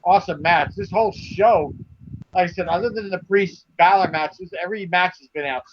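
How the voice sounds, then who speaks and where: A man's voice: high-pitched, a little fast, highs cut off, slight background noise. A man co-hosting a casual wrestling talk show, emphatic and prone to repeating himself as he makes his points. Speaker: podcast co-host.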